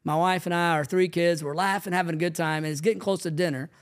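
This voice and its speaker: A man co-hosting a podcast, telling family stories in a lively casual chat. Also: fairly high pitch, fast, smooth. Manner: animated storyteller acting out quoted family lines. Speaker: podcast co-host, family ministry leader.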